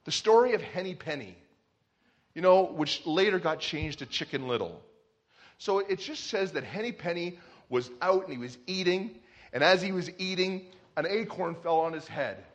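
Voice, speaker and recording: A man preaching a sermon, telling a nursery rhyme as an animated story with shouted character voices. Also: high-pitched, moderate pace, dull audio. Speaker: pastor.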